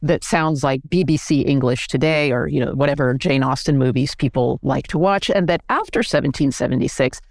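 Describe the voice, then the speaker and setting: An American woman, a history professor, explaining things in a clear, measured lecturing manner during an interview. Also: a bass voice, a little mellow, dry recording, studio quality. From United States.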